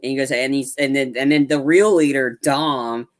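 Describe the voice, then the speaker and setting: Guy on a movie podcast, rambles, jumps into quoting scenes, mid-pitch voice. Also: moderate pace. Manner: rambling, acts out film lines in animated bursts. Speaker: podcast co-host. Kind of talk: casual movie review chat.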